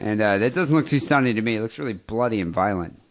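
A man's voice: fairly low pitch, lively intonation, quick pace. A man co-hosting a podcast in casual chat, quipping and asking questions. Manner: wry, quips and asks questions. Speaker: podcast co-host.

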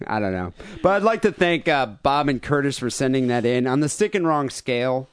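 A man's voice: mid-range voice, animated, moderate pace. A man co-hosting a podcast in casual chat, rambling and often repeating his words. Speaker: podcast co-host.

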